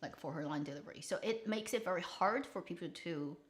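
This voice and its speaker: Blunt, animated woman drama reviewer. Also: fairly low pitch, fairly quick. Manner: opinionated, blunt, animated critique. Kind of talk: casual commentary livestream.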